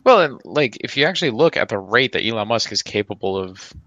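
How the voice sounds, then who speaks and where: A man's voice: fairly low pitch, animated, a little fast, fairly bright tone, no room sound, highs cut off. A man co-hosting a live podcast, explaining ideas at length with lots of filler words. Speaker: podcast co-host. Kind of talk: casual live podcast chat.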